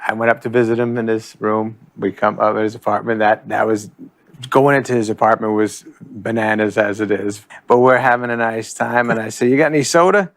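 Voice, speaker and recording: A man telling a funny story from a clip of a roundtable, laughing and acting out another man's lines with lively energy. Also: on the low side, fairly quick, no echo. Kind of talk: anecdote at a roundtable.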